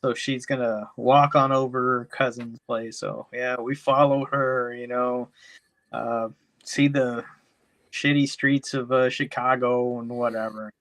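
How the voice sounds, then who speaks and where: A man's voice: medium pitch, flat delivery, unhurried, fairly bright tone. A man co-hosting a podcast, recapping a movie plot in a rambling, profane way, packed with "you know.". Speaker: podcast co-host. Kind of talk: casual chat, movie recap.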